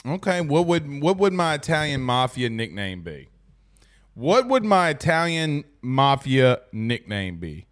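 A man's voice: medium pitch, sing-song, a little slow. A man hosting a casual sports talk stream, chatting loosely as he reads out viewer comments. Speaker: sports talk show host.

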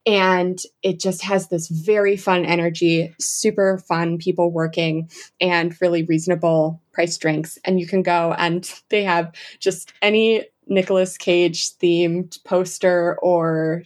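A young adult woman chatting as an enthusiastic travel guest, full of fillers and quick asides. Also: lowish voice, flat delivery, darkish tone. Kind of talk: casual interview chat.

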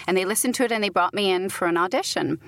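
A woman's voice: medium pitch, fast talker, no room sound. A middle-aged woman from Britain, an audiobook narrator, telling stories animatedly and laughing often in a casual interview.

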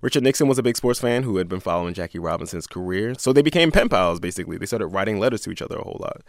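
A man's voice: sits low, animated, very fast, no room sound, clean studio sound. A man co-hosting a podcast, telling a history story in a casual, jokey way and laughing often. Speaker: podcast co-host.

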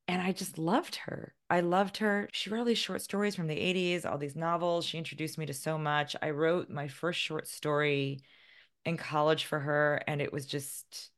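A woman's voice: sits low, steady tone, moderate pace. A woman in her forties, a guest author, chatting in an interview, self-deprecating and laughing often. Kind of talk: casual interview conversation.

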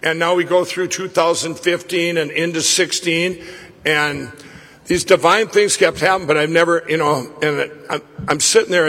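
A man giving a live speech at a summit, telling a personal story in an excitable, rambling way with many restarts. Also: a little high. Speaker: event speaker. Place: summit venue, stage. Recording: long reverb of a large hall.

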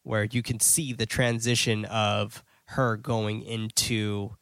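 A man hosting a podcast, recapping a film scene by scene in a loose, chatty way with plenty of fillers and quick self-corrections. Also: on the low side, dry recording. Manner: blunt and excitable. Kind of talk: casual scene-by-scene movie recap.

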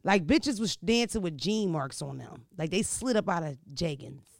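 A brash woman, chatting and telling stories in a loud, profane, animated way. Her voice has a gravelly rasp. The sound is dry and close, with no room around it. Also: on the low side, moderate pace, dry recording. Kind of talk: casual storytelling chat.

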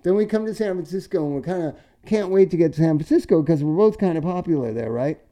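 Brief: middle-aged male podcast host, mellow dark tone, swears freely, spins tour stories. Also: sits high, quick pace. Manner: loud, profane and animated when telling stories. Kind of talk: casual storytelling chat.

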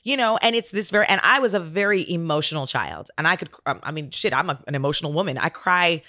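A woman in her thirties co-hosting a casual parenting podcast. Her voice sits on the low side and is recorded close and dry. She tells stories animatedly and acts out the lines of others. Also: quick pace, dry recording. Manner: animated storyteller who acts out dialogue with big pitch swings. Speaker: podcast co-host. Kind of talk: casual chat.

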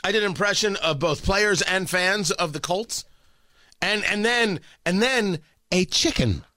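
A male talk radio host with a high, bright voice that leaps around in pitch. He's opinionated, sarcastic and jokey. The studio sound is dry and close. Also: unhurried, no room sound.

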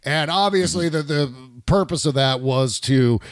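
A man's voice: on the high side, unhurried, no room sound. A man hosting a political talk show, brash and sarcastic, swearing as he rants. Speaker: show host.

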